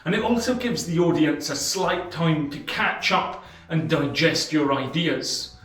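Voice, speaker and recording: A man explaining a book's ideas as a host, speaking in a measured way with deliberate pauses and emphasis. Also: a little high, a bit bright, far from the mic. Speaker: channel host summarizing a book. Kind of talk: explanatory book-summary monologue. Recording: roomy sound from off the mic, faint music.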